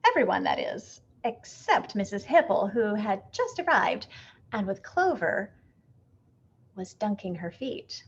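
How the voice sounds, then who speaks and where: A woman reading a picture book aloud with expressive, animated storytelling. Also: mid-range voice, unhurried, breathy edge, dull audio.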